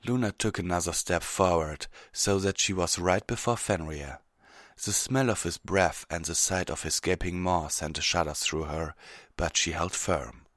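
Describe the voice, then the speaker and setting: A man narrating a fantasy story in a steady, measured audiobook reading. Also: deep voice, dry recording, clean studio sound.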